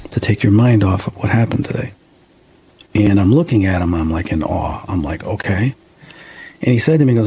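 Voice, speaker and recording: Man in his fifties, gravelly voice, dark tone, earnest storytelling. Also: lowish voice. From United States. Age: 50s. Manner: earnest, acts out quoted dialogue. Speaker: guest medium. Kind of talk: personal storytelling.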